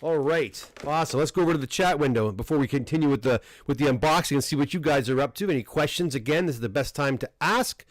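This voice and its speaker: A middle-aged Canadian man hosting a casual livestream unboxing, talking in a relaxed, rambling way with frequent restarts and fillers. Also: on the high side, fast, few pauses, dry recording. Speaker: comic book dealer and host. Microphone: desk microphone close up.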